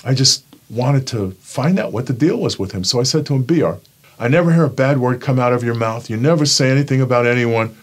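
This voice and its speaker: A man's voice: medium pitch, brisk, slightly rough. A man from Brooklyn, giving a personal testimony and acting out the voices in it. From Brooklyn, New York. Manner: storytelling, acts out quoted voices.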